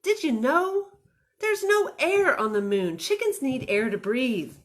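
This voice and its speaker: A woman voicing a bossy know-it-all female cow in a read-aloud storybook, lecturing and excitable. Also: sits high, measured pace, pitched above the performer's own voice.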